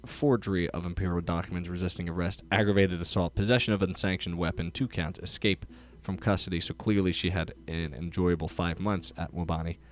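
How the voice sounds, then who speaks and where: A man giving a casual book review and reading passages aloud in steady narration. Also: sits low.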